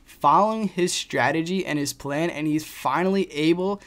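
A man's voice: fairly high pitch, a bit bright. A young man explaining trading risk in a casual screen-share lesson, tossing in "right?" and "you know" a lot. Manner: talks fast with frequent "right?" and "you know" fillers. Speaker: trading educator.

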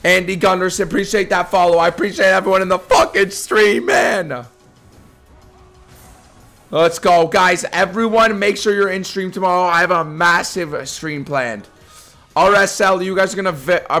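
A young man streaming slots live to his chat, swearing constantly and bursting into screaming hype, his voice going hoarse. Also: sits high, fairly even intonation, moderate pace, a bit bright. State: losing his voice. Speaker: gambling streamer. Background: faint slot game music.

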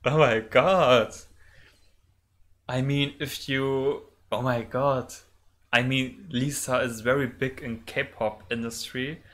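A woman with a German accent hosting a reaction video, excitable and constantly exclaiming. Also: extremely low pitch, slow pace. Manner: excitable, keeps exclaiming and laughing. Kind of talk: casual reaction commentary.

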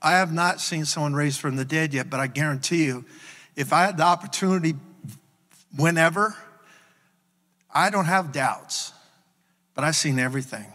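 A man preaching a sermon as pastor, animated in his storytelling. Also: on the high side, normal speed, long pauses, long reverb tail. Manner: animated storytelling, acts out his own reactions. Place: church sanctuary.

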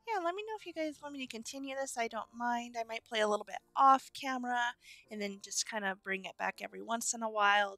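Hosting a gaming channel, a young woman chats casually while playing and cheerfully greets her in-game customers. Her fairly high voice has vocal fry and a sharp tone, with no room sound.

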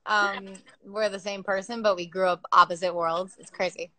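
A woman's voice: mid-range voice, steady tone, normal speed, bright, forceful tone, rough recording. A woman from the United States hosting a live video-call chat, talking in a gushing, enthusiastic way. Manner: gushing and enthusiastic, full of "like" fillers. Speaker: livestream host.

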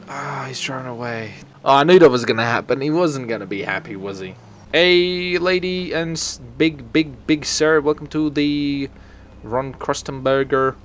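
A man's voice: medium pitch, moderate pace, a little hiss or hum. A man giving comedic let's-play commentary as a gaming video host, joking crudely, swearing freely and chatting to the game's characters. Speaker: gaming YouTuber.

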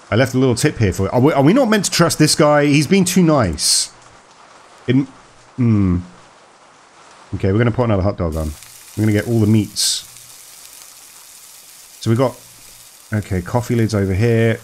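A man's voice: lowish voice, a little mellow. A man narrates his game as he plays. His voice swings up and down, playful and chatty, and he often talks straight to the characters. A faint background hum sits under him. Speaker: gaming video host. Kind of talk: let's play commentary.

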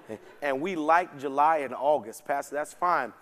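The pastor talks at a normal pace, his slightly high voice carrying into the sanctuary's long, ringing reverb. He leads the Bible study in a laid-back, folksy way, and his slang and frequent check-ins with the group keep it conversational.

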